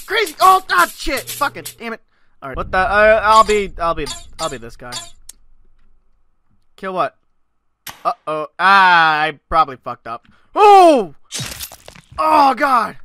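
A gaming channel host giving let's-play commentary, excitable, yelling and swearing at the game. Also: medium pitch, measured pace, long pauses.

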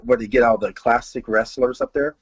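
A man guesting on a chat show, talking excitedly, tripping over and repeating words, and laughing. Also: medium pitch, brisk, breathy edge, dry recording, highs cut off. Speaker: podcast host, guest. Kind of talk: casual chat.

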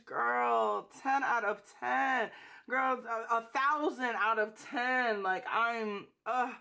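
Slow, gushing woman unboxing on camera. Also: on the high side, creaky, sharp tone. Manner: gushing, emotional, slangy, calls viewers sis and y'all. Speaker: budgeting channel host. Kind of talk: casual unboxing vlog.

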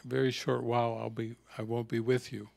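A calm, serene male spiritual master, as a male speaker quotes him in a retold story. The voice is quiet and matter-of-fact, low-key and unhurried, spoken in a dry, close sound. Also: vocal fry, dry recording.

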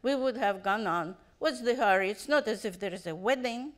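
A woman's voice: mid-range voice, lively intonation, normal speed, natural voice. Grumbling old servant, read by a woman. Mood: scolding. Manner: scolding, grumbling.

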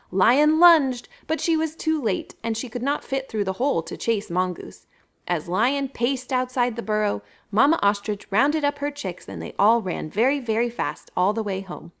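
A woman's voice: on the high side, gravelly. A woman telling a story to children at a library story time, speaking to them directly. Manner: bright, animated, addresses children.

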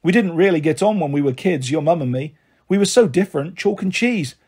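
The reader of this storybook is a man voicing a busy, generous aunt who keeps a pub, his lifted, slightly husky tone pitched fairly high. His intonation is lively and his pace a little fast, giving her a hearty, warm, jolly, frank manner.

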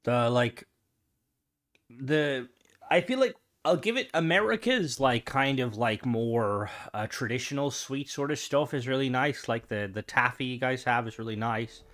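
A man's voice: mid-range voice, a little slow, a bit bright. A young Irish man chatting casually with viewers while streaming a game, rambling from one thought to the next. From Ireland.

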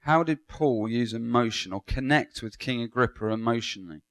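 A man's voice: mid-range voice, moderate pace, a bit bright. A man giving a Bible school classroom lecture, engaging, asking students questions and praising their answers.

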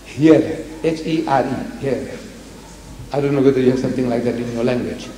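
Animated man lecturing in an echoey hall. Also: medium pitch, fairly quick. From South Africa. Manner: animated, rhetorical questions, acts out dialogue. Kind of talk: public lecture to a live audience. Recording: echoey hall with long reverb, faint noise.

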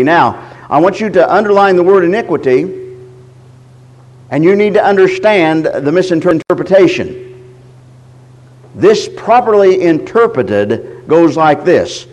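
High-voiced preacher, halting and deliberate. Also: male voice, big pitch swings, darkish tone, poor audio. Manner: slow, deliberate scripture reading with frequent halting repeats. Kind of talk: sermon teaching.

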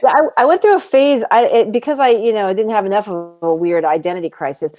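A woman guest on a podcast, telling lively stories about her childhood, laughing often and acting out other voices. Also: mid-range voice, fast talker, no echo, faint music behind. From Iraq. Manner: animated storyteller, laughs often, mimics voices. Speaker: guest author. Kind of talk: casual podcast chat.

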